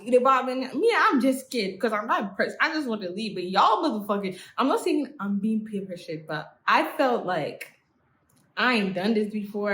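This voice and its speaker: A young woman, telling a storytime vlog in an animated, profane, laughing way. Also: on the high side. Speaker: vlogger. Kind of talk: casual storytime. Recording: roomy echo, faint background hum.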